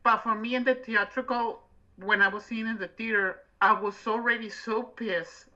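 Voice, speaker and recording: A co-host talking casually about movies, telling lively stories about family reactions. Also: medium pitch, normal speed. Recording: muffled lo-fi sound.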